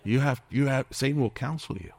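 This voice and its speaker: A man's voice: medium pitch, brisk, creaky, a little mellow. A man preaching as a pastor, firing questions at the congregation and slipping into playful impressions. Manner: preachy, asks the crowd many questions, jokes and mimics. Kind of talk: sermon.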